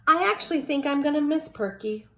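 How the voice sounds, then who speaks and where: An excitable, earnest young boy from a children's storybook, voiced by a woman reading aloud. His voice sits high and lifts on each exclamation, with a gravelly texture underneath. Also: a little fast, heavily acted. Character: eager young boy caring for pets.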